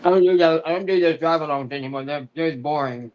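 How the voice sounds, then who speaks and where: Man, fairly high pitch, casual chat, matter-of-fact. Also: quick pace, muffled recording, a little hiss or hum.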